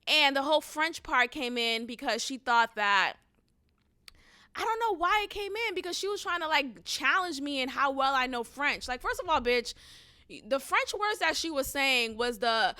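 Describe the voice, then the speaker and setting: Woman, podcast host, animated profane storytelling, smooth resonant voice, bright tone. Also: high-pitched, no echo, studio quality. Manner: animated, profane, emphatic ranting. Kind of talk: casual storytelling monologue.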